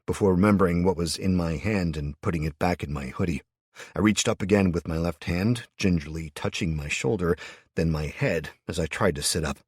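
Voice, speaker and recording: Deep, husky audiobook narrator. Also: male voice, no room sound, studio quality. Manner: gruff, muttering delivery. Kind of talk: first-person audiobook narration.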